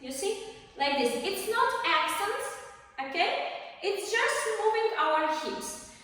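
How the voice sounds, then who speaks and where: Russian-accented dance teacher, echoey and distant. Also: female voice, very high voice, very animated, takes it slowly, bright, forceful tone. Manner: patient, counts aloud, repeats cues. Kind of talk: instructional tutorial, counting beats.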